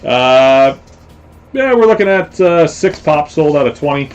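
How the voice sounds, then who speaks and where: A man's voice: a little high, lively intonation, a little slow, muffled recording. A man hosting a casual live stream, rambling along with lots of fillers and repeated phrases. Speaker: host.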